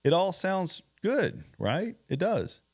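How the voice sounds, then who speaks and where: A man's voice: high-pitched, very animated, takes it slowly, husky. A man hosting a bail bonds podcast, giving earnest warnings in casual chat. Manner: earnest, warning tone, repeats points.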